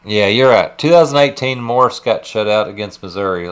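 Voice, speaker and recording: A man's voice: fairly low pitch, brisk, a loud crowd. A man co-hosting a casual sports chat, rambling and trailing off mid-sentence. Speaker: co-host.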